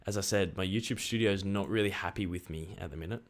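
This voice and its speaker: A young Australian man chatting excitedly on a live stream and reading out viewer messages. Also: low-pitched, fast talker. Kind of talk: casual live stream chat.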